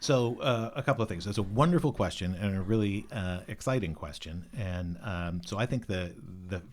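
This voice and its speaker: A man's voice: fairly low pitch, normal speed. A man speaking as a podcast guest, thoughtful and hesitant, with many fillers and restarts. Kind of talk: conversational interview.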